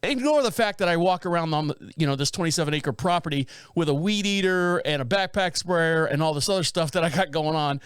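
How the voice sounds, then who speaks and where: A man in his fifties, co-hosting a casual home-studio chat and telling rambling, animated stories with frequent laughs. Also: on the high side, brisk, few pauses, smooth, no echo. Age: 50s. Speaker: podcast co-host.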